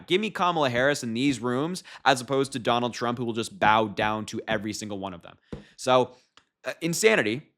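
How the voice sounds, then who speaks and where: Young male vlogger, bright and forceful tone, mocking commentary delivered casually with frequent laughs. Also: mid-range voice. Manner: mocking, laughs at his own points. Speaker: political commentator.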